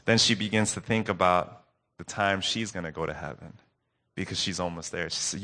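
A man preaching a sermon recap, earnest and telling a story with dramatic pauses. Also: deep voice, creaky, pushed and bright.

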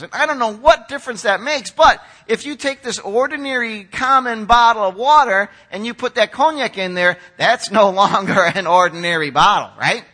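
A middle-aged male pastor giving a sermon, animated and conversational, acting out quoted critics in a chatty voice. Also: sits high. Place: church sanctuary.

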